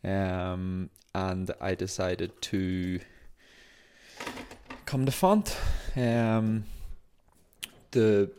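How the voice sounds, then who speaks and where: Deep-voiced man rambling in a casual vlog. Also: extremely slow, long pauses, a little mellow, a little hiss or hum. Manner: rambling, chatty, many fillers. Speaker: marathon runner. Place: apartment indoors.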